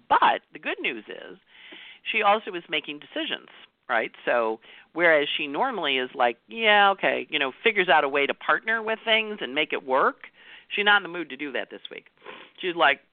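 A woman's voice: low-pitched, no echo. Chatty woman astrologer, tinny dry sound. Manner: chatty, laughs often, acts out quoted voices. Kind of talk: weekly astrology forecast talk.

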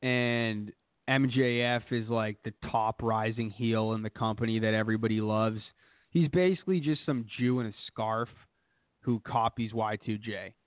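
A man's voice: fairly low pitch, fairly even intonation, moderate pace, no echo. A man chatting loosely on a podcast, swearing constantly as he rambles through a story. His voice comes through thin and phone-like, with a dry, close sound and no room around it. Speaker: podcast co-host. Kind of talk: casual chat.

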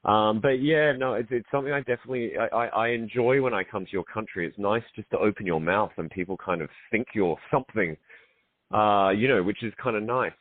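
Australian director, middle-aged, chatty with restarts; phone-quality, dead dry sound. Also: male voice, fairly low pitch, brisk, no room sound. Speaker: film director guest. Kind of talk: casual interview over a call. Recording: tinny phone-like line, dry.

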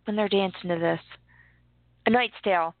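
Woman, podcast co-host, casual music chat, relaxed and chatty, dry tinny phone sound. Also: medium pitch, normal speed, no echo. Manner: relaxed, chatty, laughs easily.

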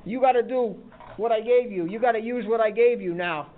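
A man's voice: high-pitched, fairly quick, close to an everyday voice. A man voicing God as a patient, fatherly deity who teasingly explains things, in a story told to a group. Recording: tinny phone-like sound.

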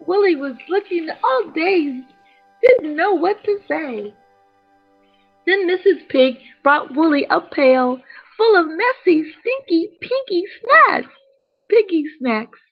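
A woman reading a bedtime story aloud in an expressive, sing-song way, on a dull lo-fi recording. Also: high voice, slow, soft background music.

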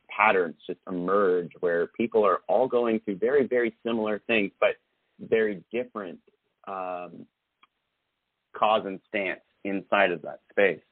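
A man co-hosting a podcast in casual chat, reflective and halting, with many fillers. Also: fairly low pitch, no echo. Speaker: podcast co-host. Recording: tinny phone-like sound, dry.

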